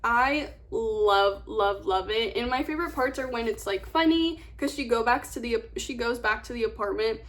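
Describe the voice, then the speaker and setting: A woman's voice: a little high, moderate pace, hardly any pauses, fairly bright tone. A young woman vlogger chatting casually about books she read, gushing and rambling, repeating words for emphasis. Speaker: book vlogger. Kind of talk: casual book review chat.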